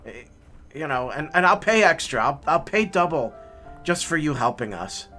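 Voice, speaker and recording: A man's voice: on the high side, very animated, moderate pace, pushed and bright, faint music behind. A man voicing a flustered, apologetic father who stammers and pleads. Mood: pleading.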